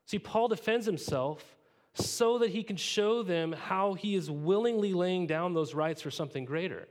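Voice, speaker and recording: A male pastor teaching a sermon in a casual, animated way, tossing rhetorical questions to the congregation and adding playful asides. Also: high voice, normal speed. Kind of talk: conversational sermon.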